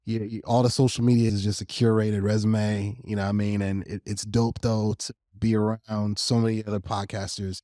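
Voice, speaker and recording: A man in his thirties from New Jersey, chatting on a sports podcast in a studio. He talks in an animated way, laughs a lot and often restarts his words. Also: fairly low pitch, moderate pace, hardly any pauses, no room sound. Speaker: sports podcast host and guest. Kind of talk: casual sports podcast chat.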